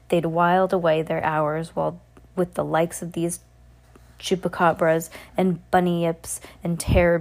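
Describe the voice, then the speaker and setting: A woman's voice: lowish voice, creaky, a little mellow. A woman hosting a kids' reading podcast, reading a storybook aloud with playful asides to a child. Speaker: podcast host reading to kids.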